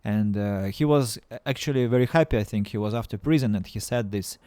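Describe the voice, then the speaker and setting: Halting man streaming a game. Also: on the low side, dark tone, no echo, studio quality. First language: Russian. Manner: halting, stammering restarts, playful self-mocking. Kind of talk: casual game-stream chat.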